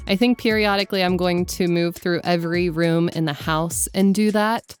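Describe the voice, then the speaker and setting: Relaxed, reflective woman voice actor. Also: lowish voice. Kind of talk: vlog talk and voice-over.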